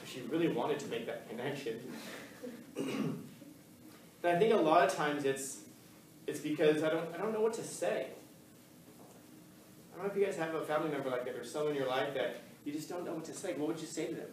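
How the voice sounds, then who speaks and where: A male teacher telling a story to his class in an animated way, acting out the voices of the people in it. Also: fairly high pitch, brisk, long pauses, slight background noise. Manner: animated, acts out quoted voices. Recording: echoey classroom, mic from far off.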